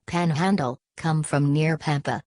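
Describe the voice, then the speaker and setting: A woman's voice: low voice, steady tone, a little slow, darkish tone, no echo. A woman reading the part of a weary migrant father who speaks in a plain, bitter drawl, in an audiobook.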